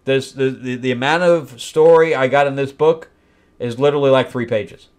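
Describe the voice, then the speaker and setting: A man's voice: medium pitch, steady tone, moderate pace, darkish tone, clean tone. A man hosting a comic book review show, talking bluntly and with open frustration, and mocking the characters in put-on voices as he flips through the pages. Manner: blunt, exasperated critique with mocking acted-out quotes. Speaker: host.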